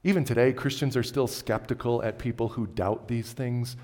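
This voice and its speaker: A man preaching a sermon, moving between loud, emphatic lines and quiet, low ones. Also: fairly even intonation, moderate pace. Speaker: pastor. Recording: long hall reverb.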